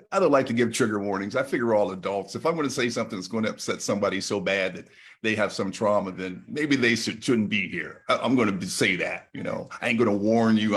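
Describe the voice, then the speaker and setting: Blunt, folksy man with a low voice. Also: a bit bright. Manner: blunt, folksy, drawn-out delivery. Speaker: open mic poet. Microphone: video call.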